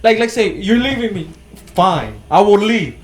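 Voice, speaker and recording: A man's voice: high voice, very animated, unhurried. A man hosting a casual podcast chat, joking and playfully insisting he is right. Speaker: podcast host.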